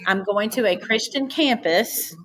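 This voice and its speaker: A woman recounts her past as a podcast guest. She is animated and slips into the voices of the people in her story. Her pitch sits in the middle, and a faint background hum runs under her voice. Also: unhurried. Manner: animated, acts out her own past dialogue. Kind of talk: casual storytelling.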